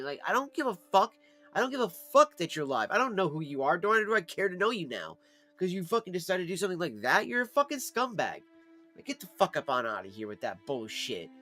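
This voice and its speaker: A man rants on a live stream, exasperated and swearing freely as he talks. His voice sits somewhat high for a man. Faint background music plays underneath. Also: fairly bright tone. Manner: profane, exasperated ranting. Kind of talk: casual live-stream rant.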